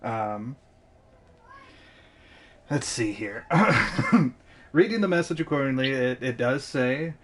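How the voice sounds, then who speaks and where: A man of medium pitch narrating as game master, rambling through his descriptions with frequent filler phrases. He breaks into laughter often, and a faint noise sits under the recording. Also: expressive, slow, pauses often. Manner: rambling, keeps saying "means of", laughs a lot.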